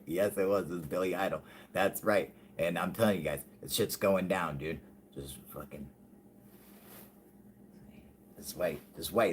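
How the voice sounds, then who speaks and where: Casual male live-stream host, deep voice, profane and giggly, riffing off chat. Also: slight background noise. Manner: swears constantly, laughs often, reads chat aloud.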